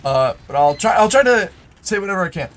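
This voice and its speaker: Young man, higher-pitched voice, casual rambling storytelling over gameplay, lots of fillers and restarts. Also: sing-song, brisk. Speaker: gaming YouTuber.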